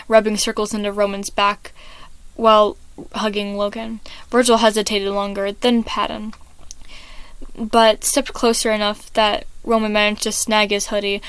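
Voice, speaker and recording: Woman narrator reading fan fiction aloud, smooth, crisp voice, dry close mic. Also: mid-range voice, a bit bright, no echo. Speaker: reader of an online fan story. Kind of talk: story read-aloud narration.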